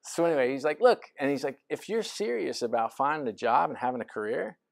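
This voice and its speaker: Man, 40s, gravelly, mid-pitched, casual storyteller with many fillers. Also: animated, fast talker. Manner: casual, self-deprecating, lots of fillers. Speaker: guest speaker. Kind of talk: storytelling lecture talk. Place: lecture hall.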